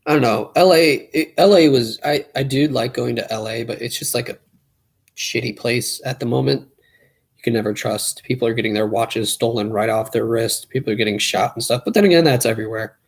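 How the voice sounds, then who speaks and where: A young man with a gravelly edge to his voice talks casually on a live stream. He rambles and rushes his words until he runs short of breath. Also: medium pitch.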